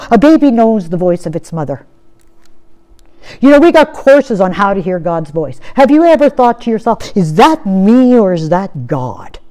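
A woman delivers a sermon with a warm, mellow tone. She talks earnestly and keeps posing questions to her listeners. Her voice often falls away to something soft and quiet. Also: medium pitch. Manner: earnest, asks rhetorical questions, often drops to soft tones. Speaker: preacher.

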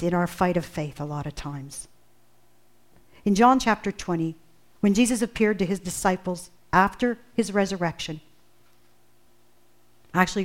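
A woman preaching a sermon in an earnest way, building intensity through emphatic repetition. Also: fairly low pitch.

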